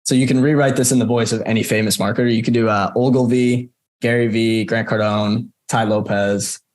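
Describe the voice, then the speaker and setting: A man's voice: medium pitch, steady tone, fairly quick, darkish tone. A man teaching a group over a video call in a casual, chatty way, often checking in with "right?" and speaking to students by name. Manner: conversational, frequent "right?" tags, addresses students by name. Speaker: course instructor. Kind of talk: casual screen-share walkthrough.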